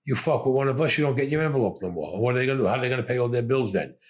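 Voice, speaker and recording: An older man with a Brooklyn, New York accent tells stories from his youth in an interview, swearing constantly. His mid-range voice is animated and very fast, and his manner is blunt and gruff.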